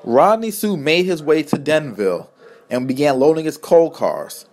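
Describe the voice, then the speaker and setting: A man's voice: on the high side, lively intonation, moderate pace, a little mellow. A man narrating a homemade storybook tale in a plain, earnest reading voice.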